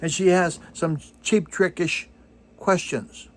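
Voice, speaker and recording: A man's voice: sits high, fairly even intonation, takes it slowly. An older man hosting a vinyl record channel, chatting casually to camera in a rambling, self-deprecating way, full of digressions and fillers.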